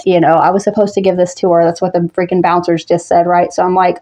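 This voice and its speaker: Woman vlogger, 30s, casual storyteller, lively and profane, laughs a lot. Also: medium pitch, fairly quick, few pauses. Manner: animated, swears freely, laughs often. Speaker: horror vlogger.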